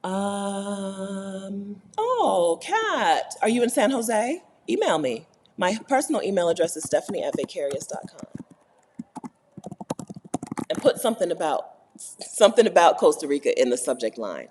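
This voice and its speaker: An American woman chatting casually on a livestream vlog, animated and laughing, often tagging her points with "right?". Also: medium pitch, measured pace, in a large hall, a little hiss or hum. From United States. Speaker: vlogger.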